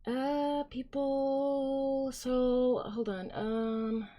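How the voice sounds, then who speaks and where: A woman's voice: high voice, level tone, extremely slow, warm tone. A woman live-streaming, chatting casually and reading viewer comments aloud, rambling with lots of fillers and giggles.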